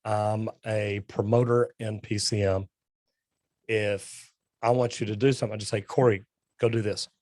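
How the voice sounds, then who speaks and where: A man's voice: fairly low pitch, normal speed, no room sound, clean studio sound. A man speaking as a guest in a casual interview, direct and to the point, telling stories with acted-out dialogue. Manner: animated storytelling with quoted dialogue. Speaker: plumber and sales guest.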